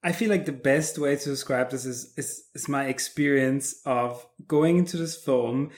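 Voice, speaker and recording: A man on a podcast, chatting casually about a film and telling the story in an animated, amused way with many restarts. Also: medium pitch, normal speed. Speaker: podcast guest discussing films.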